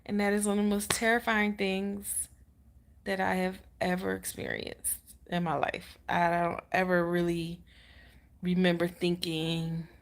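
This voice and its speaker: A woman's voice: flat delivery, unhurried. A woman in her thirties, casually telling a personal story on a vlog, full of "like" fillers and quoting others as she goes. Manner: chatty, many "like" fillers, acts out the nurse in quotes. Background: baby sleeping nearby, she lowers her voice.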